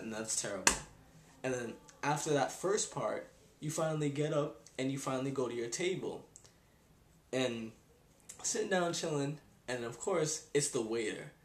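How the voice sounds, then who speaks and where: In a casual vlog, a young man rants with exasperated sighs and slang. His voice is mid-range, and the echoey room comes with a noisy background.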